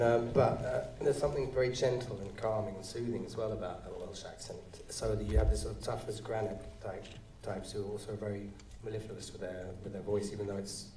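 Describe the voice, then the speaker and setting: A male actor answering audience questions at a live screening, talking in halting, rambling bursts with many restarts. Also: on the low side, far from the mic, noisy background. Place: cinema auditorium. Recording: roomy hall sound, voice from off-mic.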